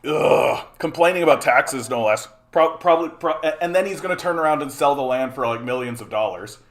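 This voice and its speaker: A man's voice: medium pitch, fast, a bit bright. Man ranting on a livestream. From Canada. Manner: heated, profane, repeats himself, stumbles on restarts. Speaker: livestream host.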